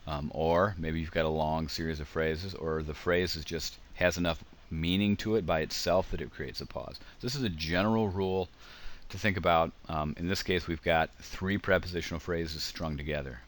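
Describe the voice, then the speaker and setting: Man, extremely low voice, relaxed grammar lesson, talks through slides. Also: normal speed. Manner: conversational, explains with examples, frequent ums. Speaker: teacher. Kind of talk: grammar lecture over slides.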